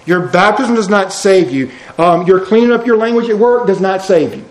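A pastor preaching a sermon in an animated way, with folksy asides, swinging between loud declarations and hushed words. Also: male voice, high voice, moderate pace, roomy sound, low-quality recording.

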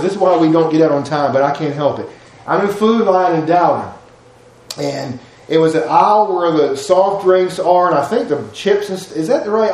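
A pastor preaches in a folksy, digressive style, slipping everyday stories between Bible verses and peppering his speech with "y'all" and "ain't." His voice sits high with a darkish tone, in a reverberant, low-quality recording.

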